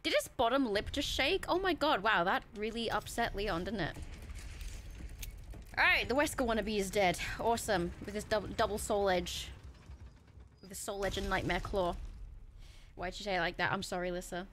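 A woman streaming a video game live, chatting and joking in an excitable, foul-mouthed way as she plays. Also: medium pitch, normal speed, slight background noise. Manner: excitable, swears and jokes at the game. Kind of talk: live gameplay commentary.

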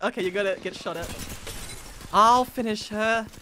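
A man streaming a game with a guest, excitable and teasing, quick to laugh and throwing in mock Aussie slang. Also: sits high, a little hiss or hum. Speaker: gaming streamer. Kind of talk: casual gaming chat.

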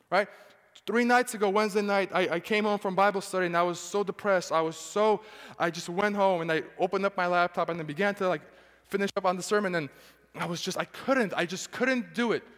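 Speaking at a normal pace, this preacher has a high, fairly bright voice. He delivers an emphatic sermon in a church sanctuary, often questioning his listeners, and the hall's long echo carries his words.

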